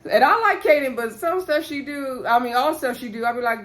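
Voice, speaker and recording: A woman's voice: fairly high pitch, unhurried, fairly bright tone. A woman giving a chatty, gossipy recap of a reality TV episode, rambling with fillers and self-corrections and laughing at the drama.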